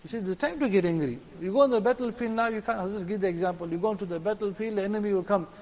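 A male preacher with a notably high-pitched voice delivers an earnest, emphatic sermon. He drives his points home by repeating phrases. His voice rings with a long reverb, as if it were recorded in a large hall. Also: racing, darkish tone. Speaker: religious preacher.

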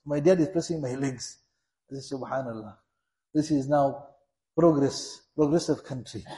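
A man's voice: on the high side, warm tone. Man, sermon, earnest exhorting tone, echoey room. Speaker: Islamic preacher.

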